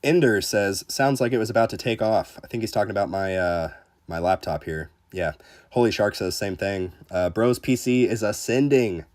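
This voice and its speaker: Laid-back, low-voiced male game streamer. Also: normal speed, a little mellow. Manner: laid-back, chatty, joking, with frequent restarts. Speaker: gaming livestreamer. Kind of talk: casual livestream chat, reading viewer comments aloud.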